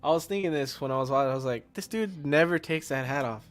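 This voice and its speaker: A man's voice: fairly high pitch, fast talker. Laid-back man retelling movie scenes. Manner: animated retelling of scenes, acts out lines. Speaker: podcast co-host. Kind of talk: casual movie review chat.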